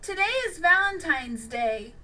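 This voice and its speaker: A woman's voice: extremely high pitch, animated, unhurried, sharp tone, pitched above the performer's own voice, exaggerated voice. A woman voicing an eager young girl training to be a hero, bubbly and keen.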